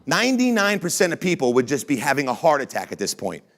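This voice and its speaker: A man, a company founder, telling blunt, energetic motivational stories to a live audience and swearing casually. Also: a little high, fast. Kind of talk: motivational storytelling talk.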